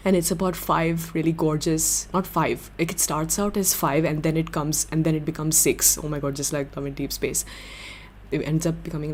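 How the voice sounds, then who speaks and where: A young woman hosting a livestream, chatting with viewers in an excitable, giggly way. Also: low-pitched, a little hiss or hum. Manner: excitable, giggly, gushing fan talk. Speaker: livestream host. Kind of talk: casual chat with viewers.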